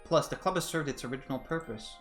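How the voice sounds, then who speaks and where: A man's voice: a little high, fast, soft background music, natural voice. A man voicing a flustered schoolgirl club member who speaks hesitantly, in close to his own voice.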